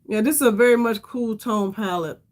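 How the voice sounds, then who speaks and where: A tired middle-aged woman chats her way through a makeup livestream. Her voice sits on the high side, and she rambles as she talks to her viewers. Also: a little fast. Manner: chatty, addresses viewers as y'all, rambling. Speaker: beauty livestream host. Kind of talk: casual livestream makeup chat.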